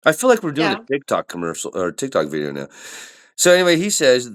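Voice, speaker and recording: A man's voice: medium pitch, huge pitch swings, quick pace, hardly any pauses, fairly bright tone. A man co-hosting a podcast, joking and rambling through casual chat. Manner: joking, rambling, goofing around. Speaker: podcast co-host.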